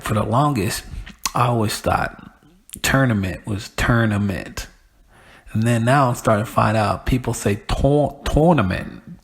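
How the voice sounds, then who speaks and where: A man from Austin, hosting a podcast in a loose, profane, joking monologue. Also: medium pitch. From Austin, Texas. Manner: loose, profane, chuckling between jokes. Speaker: podcast host. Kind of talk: casual comedic monologue.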